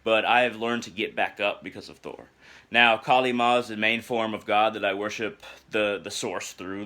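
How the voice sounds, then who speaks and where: A young adult man speaking a personal reflection in a halting, earnest way, full of filler sounds and restarts as he searches for words. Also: fairly low pitch, sharp tone.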